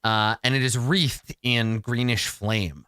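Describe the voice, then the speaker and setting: A man's voice: mid-range voice, fairly even intonation, slow pace, pushed and bright, clean tone, no room sound, studio quality. A man narrating as game master, rambling with fillers and restarts.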